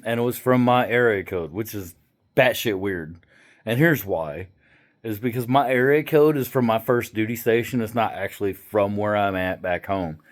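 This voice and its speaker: A middle-aged man with a voice of ordinary pitch tells a story in a loose, chatty way. He is irreverent and swears freely, and he turns animated when he acts out other people. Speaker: vlogger. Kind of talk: casual storytelling to camera.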